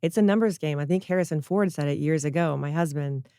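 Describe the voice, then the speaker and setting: A woman's voice: deep voice, fast talker, mellow, clear, resonant tone, no echo, clean studio sound. A woman speaking as a podcast guest and coach, talking casually and emphatically, with an encouraging tone. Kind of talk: casual conversational chat.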